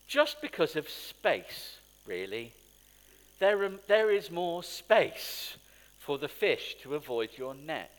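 A man's voice: fairly high pitch, very animated, takes it slowly. A man preaching a sermon in a conversational, storytelling way, with asides to the congregation. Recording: long hall reverb.

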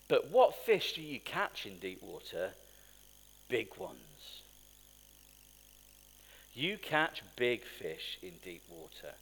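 A man's voice: lowish voice, big pitch swings, takes it slowly, long pauses, fairly bright tone, husky. A man preaching a sermon in a conversational, storytelling way, with asides to the congregation. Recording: long hall reverb.

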